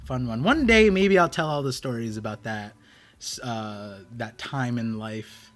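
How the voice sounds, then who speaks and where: A man's voice: medium pitch, a little slow, a bit bright. A man hosting a live stream, telling a rambling story in casual chat with many restarts. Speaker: streamer host.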